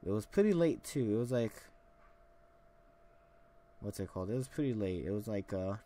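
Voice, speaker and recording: A young man with a slightly low voice hosts a solo podcast episode, wandering through a childhood story. He talks casually, full of "uh" and "like" and restarts. A faint background hiss sits under the recording. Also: animated, moderate pace, mellow. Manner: rambling, many fillers and restarts. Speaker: podcast host.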